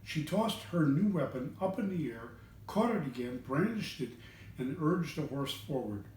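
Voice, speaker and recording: A man reading a children's storybook aloud in an expressive voice, changing voices for the characters. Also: a little high, normal speed, distant mic, a little hiss or hum. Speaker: reader of children's books. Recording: echoey room, away from the mic.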